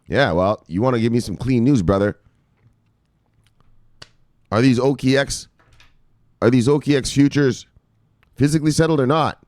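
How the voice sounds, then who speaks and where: A man hosting a casual crypto news live stream, reading out viewer names with loud shout-outs, swearing freely and rambling in a chatty way. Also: medium pitch, moderate pace, long pauses, no room sound, studio quality. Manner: animated, swears freely, shouts "bang" at each name. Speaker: crypto news show host.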